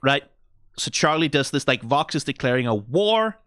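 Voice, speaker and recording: Bright-voiced man breaking down animation. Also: medium pitch, normal speed, dry recording, studio quality. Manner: animated, lots of "like" and "right?", swears casually. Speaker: reaction video host. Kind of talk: casual analytical commentary.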